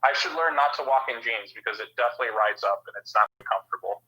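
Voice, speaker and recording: Young guy on the phone while walking, kinda out of breath, rambly and fast, muffled lo-fi sound. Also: mid-range voice, over a noisy crowd. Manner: rambling, scattered, with many uhs and likes. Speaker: podcast guest. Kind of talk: casual movie chat. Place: walking outdoors. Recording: dull phone-quality audio.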